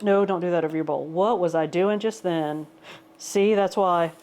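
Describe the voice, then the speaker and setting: A woman's voice: lowish voice, moderate pace, darkish tone. Rambling woman chatting in her kitchen. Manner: rambling, self-deprecating, says "y'all" a lot. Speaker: fitness and cooking vlogger. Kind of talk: casual chatty cooking vlog. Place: home kitchen.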